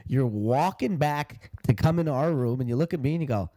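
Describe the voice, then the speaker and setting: A man co-hosting a podcast, chiming in with quick remarks and giggles during casual chat. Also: medium pitch, animated, warm tone, no echo, clean studio sound. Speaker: podcast co-host.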